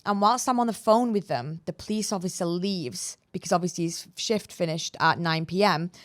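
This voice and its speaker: A woman's voice: fairly low pitch, normal speed, no room sound. Rambling British woman telling a story. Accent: British English. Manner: rambling, filler-heavy, animated retelling. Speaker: podcast guest. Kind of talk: casual storytelling.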